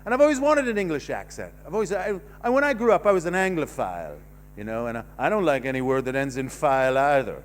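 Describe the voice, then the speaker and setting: Rambling Canadian comedian with a high, lively voice. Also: male voice, fast talker. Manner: rambling, self-mocking, swearing freely, trailing off. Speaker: stand-up comedian. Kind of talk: stand-up set. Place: comedy club stage.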